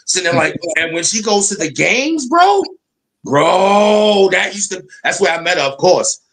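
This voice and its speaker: A man's voice: high voice, lively intonation, a little slow, fairly bright tone. A man co-hosting a live stream panel, telling stories in casual, slangy, profane chat and acting out the voices he quotes.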